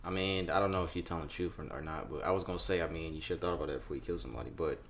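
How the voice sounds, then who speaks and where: A young man co-hosting a casual podcast, reacting to news stories loudly, swearing and laughing often. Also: extremely low pitch, racing, a little hiss or hum. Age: young adult. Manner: loud, profane, laughs often. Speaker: podcast co-host.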